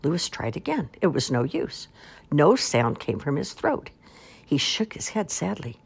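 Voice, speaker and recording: A woman narrating a children's storybook in a gentle, expressive read-aloud manner. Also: sits low, a little slow, gravelly, breathy edge. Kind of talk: storybook reading.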